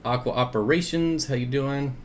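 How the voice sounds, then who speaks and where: A man at a middle pitch hosts a relaxed aquarium livestream from home. He greets viewers by name and reads their comments aloud, chuckling often. A faint hum sits in the background. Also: normal speed. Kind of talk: casual livestream chat, reading viewer comments.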